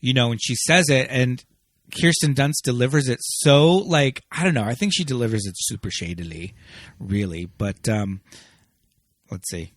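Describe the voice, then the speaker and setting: A man's voice: mid-range voice, normal speed, dry recording, studio quality. A man co-hosting a film podcast in loose, casual conversation, full of restarts and asides. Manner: chatty, loose, lots of restarts and "like". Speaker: podcast co-host.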